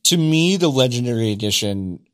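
A man chatting casually and candidly, getting excited and swearing now and then. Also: medium pitch, fairly quick, smooth. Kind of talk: casual chat.

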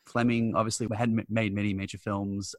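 A man's voice: lowish voice, little pitch movement, dry recording. A man chatting enthusiastically about old films as a podcast co-host. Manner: chatty, enthusiastic, quick asides. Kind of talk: casual film chat.

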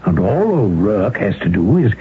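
An actor playing a precise Scotland Yard inspector in an old-time radio drama, speaking with a British accent. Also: male voice, fairly low pitch, big pitch swings, moderate pace. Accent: British English. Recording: phone-like old radio broadcast, faint hiss.

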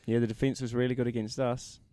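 A man's voice: mid-range voice, level tone, fast, mellow, dry recording, studio quality. A man co-hosting a sports podcast in casual chat. He is jokey and quizzical and fires off short questions. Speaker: podcast co-host.

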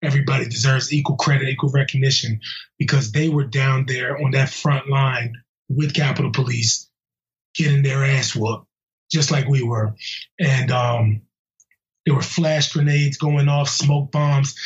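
A police officer being interviewed in a casual way, talking bluntly and heatedly with slang and halting restarts. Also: male voice, a little high. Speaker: police officer interviewed about a violent attack. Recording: muffled lo-fi audio.

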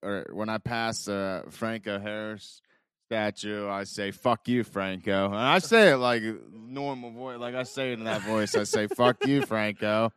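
This co-host's voice is on the low side yet fairly bright, at normal speed, with a clean tone and studio-quality sound lacking any room sound. Profane and lively, he shares stories in casual podcast chat and performs the quotes.

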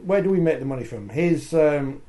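A man's voice: fairly high pitch, lively intonation, moderate pace, dark tone. A man hosting a sports podcast, chatting and reading out listener comments. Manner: conversational, reads out listener comments. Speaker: podcast host. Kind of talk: casual sports discussion.

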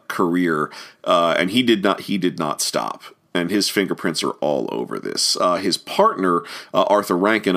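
A man's voice: low-pitched, a bit bright. A man giving a rambling film commentary, with many fillers and restarts. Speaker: commentary host.

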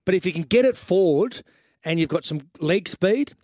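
A middle-aged Australian man breaks down football tactics on a radio sports show. His voice sits a bit high for a man and runs on, looping back over his own phrases. The studio sound is dry and close. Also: animated, normal speed, a little mellow, dry recording. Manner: rambling, restarts phrases while explaining tactics. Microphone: studio microphone.

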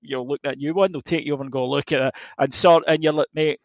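A man, co-hosting a podcast, telling lively stories in casual chat and swearing freely. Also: on the high side, rapid-fire, dry recording, muffled recording. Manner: swearing, animated storytelling with mimicked voices. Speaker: podcast co-host.

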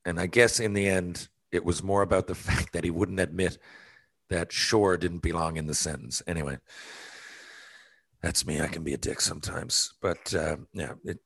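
Exasperated man ranting, lowish voice. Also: fairly even intonation, moderate pace, vocal fry, fairly bright tone, slightly rough. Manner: exasperated, argumentative, laughing at himself. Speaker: podcast host. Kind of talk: casual ranting monologue.

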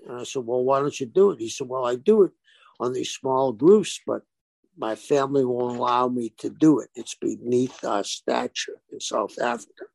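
A man's voice: medium pitch, normal speed, vocal fry, no room sound. A man, a former pro wrestler, telling stories in a casual interview and acting out the dialogue as he goes. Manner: animated storyteller who acts out quoted dialogue.

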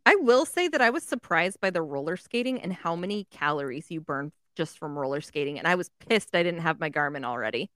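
A woman's voice: deep voice, expressive, a little fast, few pauses, a bit bright, no room sound, clean studio sound. A woman co-hosting a casual podcast, enthusiastic, swearing, with lots of fillers. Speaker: podcast co-host. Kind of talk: casual chat.

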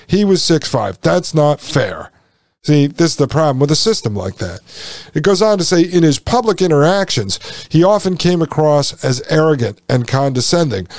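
A man's voice: medium pitch, darkish tone, dry recording. A man hosting a podcast, reading passages aloud and breaking off into folksy, sarcastic asides to his listeners. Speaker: podcast host.

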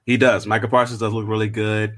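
Laid back guy talking football, lowish voice, lots of ums. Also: flat delivery, fast, fairly bright tone. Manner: easygoing, lots of fillers, laughs along. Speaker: sports show co-host. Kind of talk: casual sports chat.

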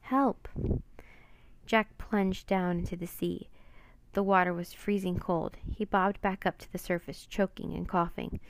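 Woman narrator, expressive children's book reading, dry. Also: on the low side, normal speed, dry recording. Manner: expressive, dramatic.

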